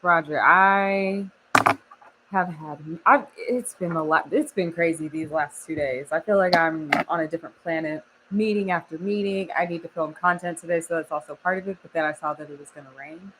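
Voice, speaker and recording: A woman's voice: lowish voice, moderate pace, background noise. A young woman from Oklahoma chatting casually on a live stream, laughing often and reading the chat aloud. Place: home studio.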